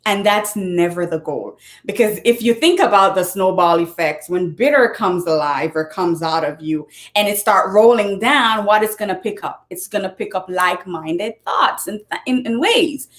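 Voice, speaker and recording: A woman speaks in a casual, motivational tone, earnest and repetitive. She often stops and starts over as she works her points out. Her voice sits at an ordinary middle pitch for a woman. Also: lively intonation, normal speed, hardly any pauses. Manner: earnest and repetitive, with frequent restarts.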